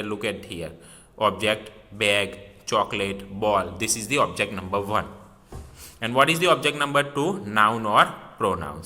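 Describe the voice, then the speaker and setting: Guy teaching grammar real slow, bright edgy tone, keeps quizzing himself. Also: medium pitch. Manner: repeats words, asks and answers his own questions. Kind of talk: classroom grammar lesson. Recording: long reverb in a hall.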